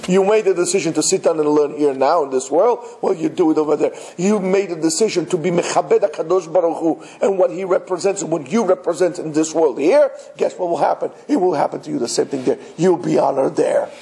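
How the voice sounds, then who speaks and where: A man's voice: a little high, fairly quick, gravelly, hardly any pauses, dark tone, poor audio. A man, a rabbi, giving an emphatic religious lecture and speaking straight to his listeners with rhetorical questions. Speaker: rabbi teaching.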